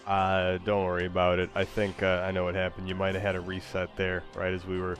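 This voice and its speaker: A man's voice: low-pitched, completely flat delivery, fairly quick, soft background music. A man hosting a stream in casual chat, goofy and playful, often hesitating with uhs. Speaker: streamer host.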